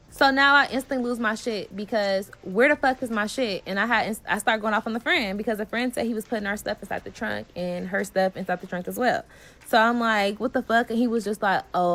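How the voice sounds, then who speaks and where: A woman with a Bay Area accent telling a story in a casual vlog, swearing freely and acting out what people said. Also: on the high side. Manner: animated, swearing, slangy, acts out quotes.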